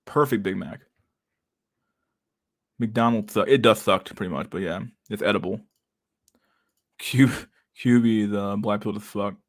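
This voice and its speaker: A man's voice: lowish voice, a little slow, pauses often. A man giving casual, rambling livestream commentary on pictures, swearing constantly and laughing often. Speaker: streamer reacting to pictures.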